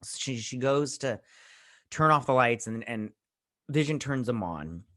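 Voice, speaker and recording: A man's voice: mid-range voice, animated, a little slow, bright, forceful tone. A man hosting a TV review channel, recapping an episode in a casual, rambling way with lots of fillers and restarts. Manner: heartfelt, saying he feels choked up.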